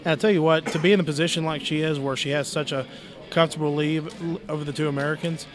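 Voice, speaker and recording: A man's voice: on the high side, steady tone, fast talker. A man with a Southern US accent doing chatty, folksy color commentary at a live sports event. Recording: crowd noise at a live event.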